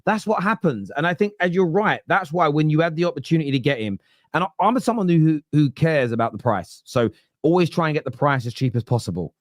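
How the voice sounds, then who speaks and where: A man's voice: fairly high pitch, expressive, fast, dry recording, clean studio sound. A man hosting a casual football fan debate, rambling through long animal analogies with frequent restarts.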